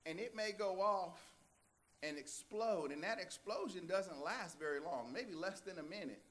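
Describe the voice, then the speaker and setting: A man's voice: sits high, moderate pace, a bit bright. A man preaching a sermon, telling a folksy story and animatedly laughing along with it before turning to scripture. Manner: folksy, many fillers and restarts. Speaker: pastor.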